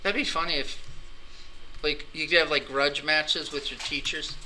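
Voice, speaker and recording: A man's voice: fairly high pitch, steady tone, normal speed, bright, forceful tone. A man teaching an anatomy and physiology class, lecturing in a playful, teasing way with rambling jokes. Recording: classroom recording with background noise.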